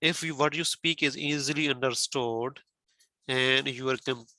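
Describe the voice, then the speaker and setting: Unhurried and steady, a test prep teacher with a bright, forceful, mid-range voice walks a student through exam criteria carefully. English isn't his first language; he repeats points and asks questions, recorded with no room sound.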